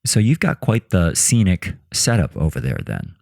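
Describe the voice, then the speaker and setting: A man's voice: low-pitched, sing-song, moderate pace, creaky, a little mellow, no echo. A man hosting a career podcast, reading a polished, upbeat intro and then interviewing his guest. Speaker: podcast host.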